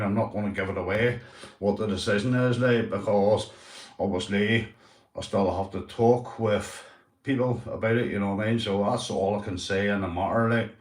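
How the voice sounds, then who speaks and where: A man's voice: on the low side, far from the mic. A man with a Northern Irish accent hosting a casual livestream, chatting to viewers by name and swearing freely. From Northern Ireland. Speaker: livestream host. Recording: roomy echo, voice away from the mic.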